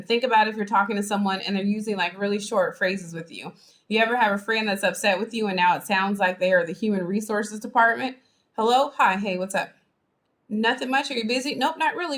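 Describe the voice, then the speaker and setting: Chatty woman teaching a live online class. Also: mid-range voice. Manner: chatty, animated, acts out examples. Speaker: college instructor. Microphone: video call.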